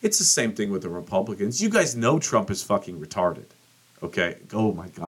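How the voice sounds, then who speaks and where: A man's voice: on the low side, big pitch swings, a little fast, background noise. Profane ranting male podcast host. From United States. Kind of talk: casual political commentary.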